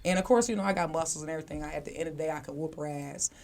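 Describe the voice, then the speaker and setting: A woman's voice: low-pitched, racing, a little mellow, slight background noise. A woman co-hosting a podcast, telling a personal story in a blunt, candid, casual way, swearing freely and talking straight to the listeners. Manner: conversational, speaks directly to listeners. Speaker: podcast co-host.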